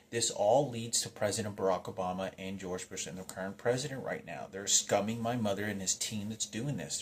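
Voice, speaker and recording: Agitated, profane man telling a story. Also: fairly low pitch. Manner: agitated, rambling, heavy swearing; halting restarts, emotional. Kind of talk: personal storytelling monologue.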